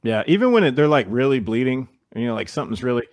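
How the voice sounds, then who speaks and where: This baseball player's mid-range voice moves at a quick pace, with no room sound in the recording. Being interviewed, he chats casually and brings his stories to life by acting out other people's voices.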